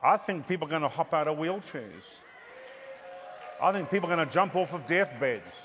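A man preaching a sermon, telling healing stories and building to loud, fervent exclamations. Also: a little high, lively intonation, normal speed, big-room sound, slight background noise. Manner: storytelling, rising to loud exclamations.

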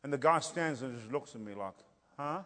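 A man's voice: mid-range voice, lively intonation, quick pace, a bit bright. A middle-aged man preaching with humour, telling stories and acting out the dialogue. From South Africa. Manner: playful, acts out dialogue, rhetorical "Hello?" asides. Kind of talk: humorous storytelling sermon. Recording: long hall reverb.

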